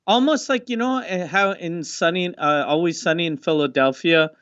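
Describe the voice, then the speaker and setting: A man's voice: on the high side, fairly bright tone, clean tone, no room sound. Muffled man. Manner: rambling, halting, full of fillers. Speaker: podcast co-host. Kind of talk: crude casual banter. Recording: dull, muffled podcast audio.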